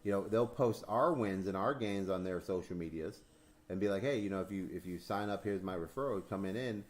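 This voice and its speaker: A man with a fairly low voice chats casually as host of a crypto stream. He tells animated stories, acts out both sides of conversations, swears freely and laughs a lot. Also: fairly quick. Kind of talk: casual chat.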